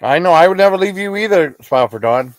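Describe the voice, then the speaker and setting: A man's voice: sits high, animated, fast talker, no room sound, studio quality. A man hosting a livestream, chatting casually with viewers in a rambling, apologetic, reassuring way. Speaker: livestream host.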